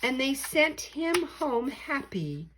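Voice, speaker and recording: An older woman, a grandmother, reading a rhyming picture book aloud with lively expression. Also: sits high, takes it slowly, slight background noise. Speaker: storyteller.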